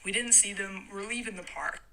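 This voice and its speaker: A woman's voice: mid-range voice, brisk, bright, forceful tone, rough recording. A young Scottish woman rambling through a frank story in a casual voice note, laughing as she goes. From Scotland. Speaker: listener sending a story.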